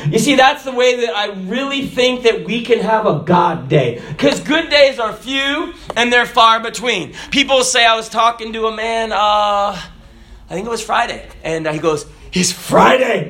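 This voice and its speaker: A man preaching a sermon, telling jokes and acting out the characters in his stories. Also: high-pitched. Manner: animated storytelling, acting out characters. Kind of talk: joke-filled sermon.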